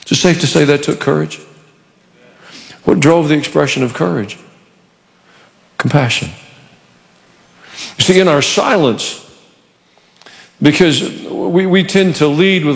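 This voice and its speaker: A male pastor preaching a sermon in a church, animated and conversational with touches of humor. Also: on the high side, measured pace, gravelly, pauses often, long reverb tail.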